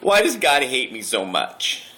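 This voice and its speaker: A man's voice: medium pitch, huge pitch swings, unhurried, sharp tone, voice pushed up, full character voice. A man doing a whiny, weepy young guy. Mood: whimpering.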